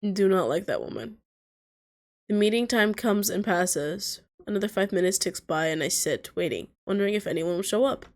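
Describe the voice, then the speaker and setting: Snarky woman host reading a dating sim aloud, mid pitch. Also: normal speed. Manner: snarky asides and laughs. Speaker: gaming video host.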